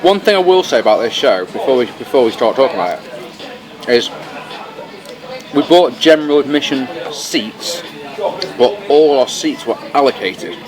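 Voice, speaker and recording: A man co-hosting a casual podcast, chatty and swearing casually, recorded in a fast-food restaurant. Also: medium pitch, animated. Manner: chatty, swears casually, talks while eating. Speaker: podcast co-host. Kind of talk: casual chat. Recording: noisy crowded restaurant. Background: busy restaurant crowd chatter.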